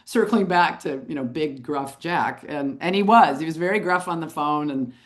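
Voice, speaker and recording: A woman with a fairly low voice who tells her story in a lively, animated way. She is middle-aged and speaks as an interview guest, chuckling now and then as she talks. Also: moderate pace. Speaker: photographer and author, interview guest.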